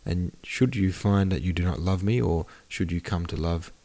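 A man voicing a grave, reserved aristocratic suitor with a measured, earnest delivery. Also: low-pitched, dark tone.

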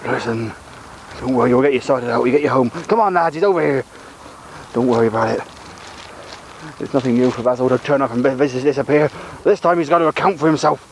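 A man's voice: medium pitch, fairly quick, slight background noise, lightly acted, poor audio. A man playing a worried friend in an amateur audio drama, anxious and exasperated, cursing the one to blame. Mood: angry. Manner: anxious, exasperated, with swearing outbursts. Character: worried, indignant man helping his friend.

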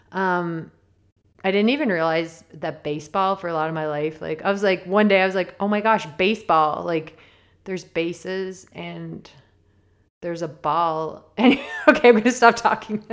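Woman, podcast host, lowish voice, bubbly and self-deprecating, rambles and giggles. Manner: chatty and self-deprecating, laughs often and digresses; enthusiastic and upbeat. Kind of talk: casual solo podcast monologue.

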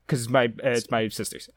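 A young man hosts a podcast, telling rambling stories in casual conversation and getting animated when he acts out scenes. His mid-range voice runs a little slow, and the studio-quality recording is dry.

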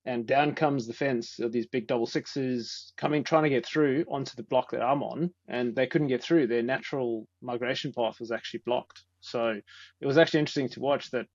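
A man's voice: medium pitch, fairly even intonation, a little fast, breathy edge, no room sound, muffled recording. A man explaining earnestly, repeating words as he thinks. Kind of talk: casual explanation.

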